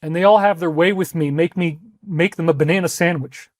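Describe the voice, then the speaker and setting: High-voiced emphatic man. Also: steady tone, fairly quick, darkish tone, no room sound, studio quality. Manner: emphatic, repeats phrases for stress. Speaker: speaker in archived clips. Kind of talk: impassioned talk to viewers.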